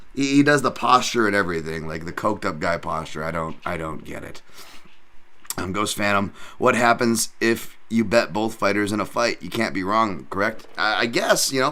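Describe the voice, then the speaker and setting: Rambling, profane podcast host. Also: male voice, on the low side, sharp tone. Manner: rambling, profane, many fillers. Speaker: podcast host, MMA analyst. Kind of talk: live-stream podcast chat, reading chat questions.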